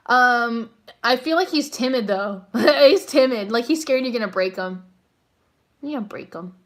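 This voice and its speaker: High, bright-voiced young woman doing live readings. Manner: chatty and slangy, full of "like", laughs often. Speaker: psychic livestream host. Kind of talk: casual live tarot reading.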